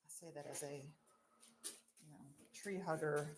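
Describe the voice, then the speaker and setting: A young adult woman who owns a marshmallow shop, hosting a casual live stream while she works, excitable and self-mocking with frequent exclamations and laughs. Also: sits low, takes it slowly, slight background noise.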